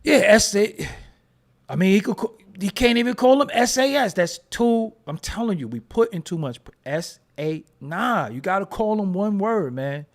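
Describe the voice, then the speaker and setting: A man's voice: high-pitched, animated, moderate pace. A man hosting a casual commentary show, joking and riffing in slangy with frequent laughs. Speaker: host.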